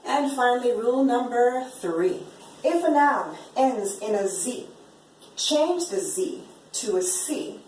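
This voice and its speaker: A woman teaching a lesson at a whiteboard, upbeat and encouraging, slowly repeating words to drill them. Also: medium pitch, darkish tone, slight background noise. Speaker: Spanish teacher. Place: classroom with a whiteboard. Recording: echoey room, voice from a distance.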